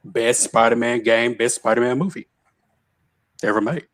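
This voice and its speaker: A man's voice: mid-range voice, steady tone, moderate pace. A man in casual gaming chat, giving blunt, joking opinions.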